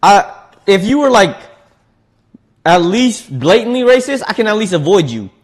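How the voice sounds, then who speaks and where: A man's voice: high voice, sing-song, moderate pace. A man, chatting casually on a cooking livestream, laughing often and restarting his words as he reads chat. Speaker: streamer reading chat.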